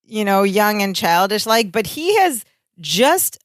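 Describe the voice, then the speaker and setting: A woman's voice: medium pitch, sing-song, unhurried, no room sound, studio quality. A woman co-hosting a podcast, chatting casually and laughing often as she recaps a sitcom and acts out its lines. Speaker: podcast co-host.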